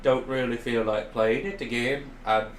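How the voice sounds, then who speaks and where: A man's voice: mid-range voice, steady tone, normal speed. A young man hosting a casual podcast chat, teasing and laughing as he jumps in. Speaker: podcast host. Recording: roomy echo, faint hiss.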